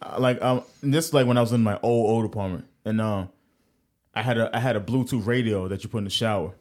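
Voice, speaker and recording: A man's voice: on the low side, fast talker, darkish tone. A young man from New York on a casual podcast chat, telling stories loosely with lots of swearing and laughter. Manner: laid-back storytelling with lots of profanity and laughter. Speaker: podcast co-host.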